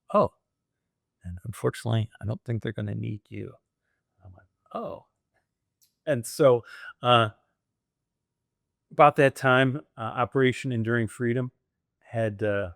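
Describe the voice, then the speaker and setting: A man's voice: medium pitch, vocal fry, dry recording, clean studio sound. A middle-aged man telling stories in an interview, acting out the dialogue as he goes. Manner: animated, acts out quoted dialogue. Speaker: guest. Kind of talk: storytelling interview.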